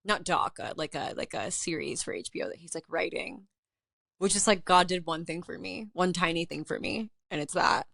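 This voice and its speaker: A young woman chatting as a guest in a casual interview, telling a story with animated acted-out quotes. Her voice sits somewhat low and sounds dry and close. She says "like" over and over. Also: moderate pace, creaky, no room sound. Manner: animated, heavy use of "like", acts out quotes. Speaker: interview guest, artist and writer.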